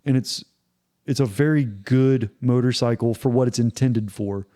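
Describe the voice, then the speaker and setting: A man's voice: mid-range voice, normal speed, dark tone. A man hosting a casual podcast chat, opinionated and enthusiastic, often restarting his sentences. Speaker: podcast host.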